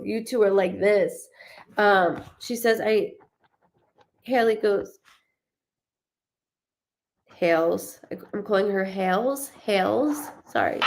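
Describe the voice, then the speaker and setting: A woman giving a live psychic reading, chatty and animated, often restarting her sentences as she relays messages. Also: medium pitch. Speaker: psychic medium.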